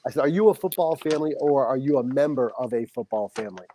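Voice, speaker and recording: A middle-aged man speaks in an ordinary mid-range voice, sharing an earnest, heartfelt story as a podcast guest. As a high school football coach, he acts out the back-and-forth dialogue with warmth and conviction. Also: expressive, fast talker, very noisy.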